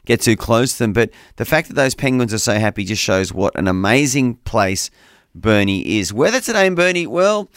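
A man's voice: mid-range voice, expressive, moderate pace, smooth, no room sound, clean studio sound. Chatty male radio host. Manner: chatty, enthusiastic. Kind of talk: breakfast radio chat. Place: radio studio. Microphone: studio microphone.

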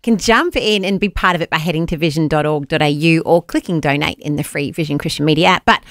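A woman's voice: low-pitched, fast talker, dry recording. Woman, breakfast radio co-host, playful teasing manner, dry close studio sound. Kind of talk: casual breakfast radio chat. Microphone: studio microphone.

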